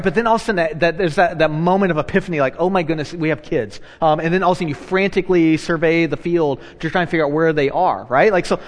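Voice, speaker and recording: A man, a pastor, preaching a sermon in a conversational way, moving between hushed and loud animated passages and repeating phrases for emphasis. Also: sits high, long reverb tail.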